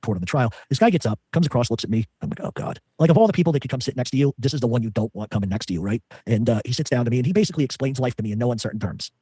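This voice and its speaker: A man's voice: mid-range voice, lively intonation, rapid-fire, few pauses, warm tone, breathy edge, no echo. A man telling a story in an interview, rambling with many restarts. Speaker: podcast guest.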